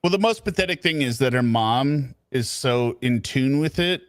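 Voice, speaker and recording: Animated, lively-voiced male host. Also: medium pitch, normal speed, no room sound, clean studio sound. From Pacific Northwest. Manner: animated, joking, mimics voices. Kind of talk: casual commentary chat.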